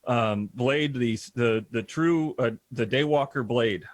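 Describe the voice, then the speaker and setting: A man's voice: mid-range voice, slow pace, dry recording. A man presenting his comedy script with mock-earnest, rambling banter full of hesitations.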